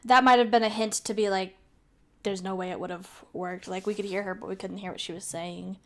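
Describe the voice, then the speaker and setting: A woman's voice: medium pitch, fairly even intonation, fairly quick, slight background noise. A woman streaming a game, chatting casually and laughing often. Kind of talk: casual let's-play chat.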